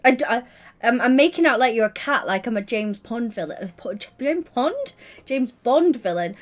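A woman's voice: a little high, expressive. A young woman chatting casually to her livestream audience, giddy and bubbly but tired and yawning, on a headset mic. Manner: giddy, bubbly and chatty, quick asides to chat.

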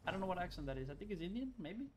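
A man giving casual let's-play commentary, excitable, exclaiming and cursing at the game. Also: sits high, very fast, noisy background. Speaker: gaming video host.

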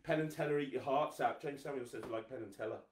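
A man hosting a live children's magic show, energetic, coaxing and teasing as he gets the viewers to clap and cheer. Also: medium pitch, fast talker, roomy sound, far from the mic, a little hiss or hum. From England. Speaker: host, magician.

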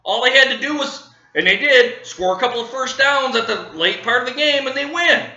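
Angry man, high voice, sharp edge, profane sports rant, roomy dull recording. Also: animated, normal speed. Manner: profane, furious, repeating himself. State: livid. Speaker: sports fan vlogger.

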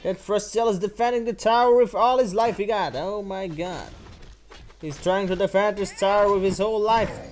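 A man giving excitable gameplay commentary while playing, whooping, swearing and exclaiming often. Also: high voice, moderate pace. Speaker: channel host playing a mobile game.

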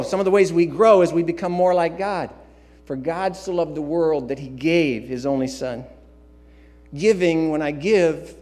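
A man's voice: fairly high pitch, darkish tone, in a large hall. A man preaching a sermon as pastor, emphatic and repetitive, with casual asides and filler sounds. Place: church sanctuary.

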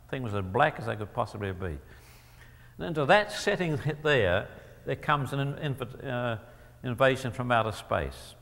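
A man giving an emphatic Christian teaching talk, often clearing his throat and putting rhetorical questions to his audience. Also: mid-range voice, fairly bright tone. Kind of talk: lecture-style teaching talk. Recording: long hall reverb.

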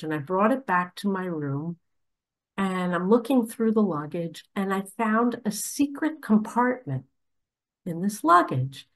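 A woman earnestly telling a personal story about a nightmare, speaking with emphasis. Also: fairly low pitch. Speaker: religious speaker.

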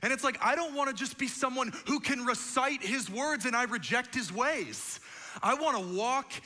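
A man preaching a sermon as pastor, conversational and animated, acting out quotes and joking asides. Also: very high voice, normal speed, big-room sound. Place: church auditorium.

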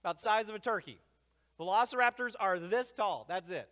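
A man giving an energetic lecture to a live audience, jumping between loud, excited asides and hushed remarks. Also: high-pitched, fairly quick. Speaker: speaker presenting to a live audience. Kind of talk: animated lecture. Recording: long hall reverb.

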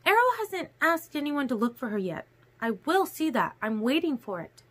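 A woman's voice: high voice, big pitch swings, moderate pace, fairly bright tone, voice pushed up. A woman voicing a young female vampire who answers coldly and insistently in a storybook reading. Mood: cool, defensive. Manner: cold, clipped replies.

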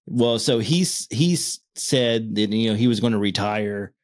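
A man in his thirties chatting casually on a podcast, stumbling and restarting his words when excited, laughing often. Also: fairly low pitch, a little slow. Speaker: podcast co-host. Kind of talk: casual chat.

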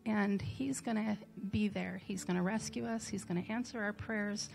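A woman's voice: mid-range voice, fairly even intonation, normal speed, creaky, darkish tone. A woman speaking informally to her church congregation, hesitant with many ums and light laughs. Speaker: church member addressing the congregation. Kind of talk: casual testimony in church. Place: church sanctuary.

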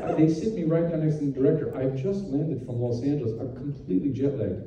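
A man, a film director, telling an animated anecdote on stage and slipping into voices of the people in it. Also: medium pitch, quick pace, far from the mic, highs cut off, heavy background noise. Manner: animated storyteller doing voices of others. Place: festival venue with audience. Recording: echoey hall, mic from afar, audience.

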